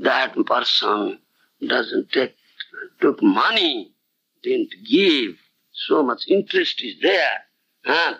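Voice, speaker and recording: A man's voice: sits high, sharp tone, husky. A man giving a devotional lecture, chanting scripture verses and often checking that listeners understand. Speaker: spiritual teacher. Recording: dull lo-fi 1990s lecture tape.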